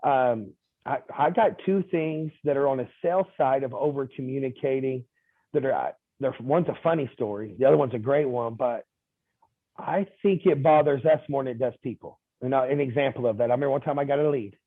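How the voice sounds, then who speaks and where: A man's voice: mid-range voice, brisk, no echo. Story-telling man on a tinny line. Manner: lively anecdotal telling with quoted dialogue and fillers. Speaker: insurance agent guest. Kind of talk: casual interview storytelling.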